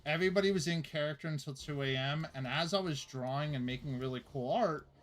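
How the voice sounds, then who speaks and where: A man's voice: on the high side, fast talker, faint music behind. Rambling man telling a story casually. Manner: rambling, with many fillers and laughs. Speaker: streamer.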